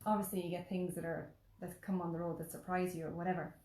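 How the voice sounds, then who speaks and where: An Irish woman telling a story in casual, animated chat, full of "like" and the odd swear word. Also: on the low side, fast talker. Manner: animated, chatty, peppered with swearing and "like". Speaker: podcast host. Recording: roomy echo.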